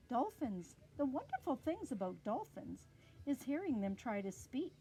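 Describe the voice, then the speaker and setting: A woman with a Canadian accent reading a picture book aloud to young children in a slow, sing-song, expressive way. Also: high-pitched, slight background noise. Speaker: early years storyteller.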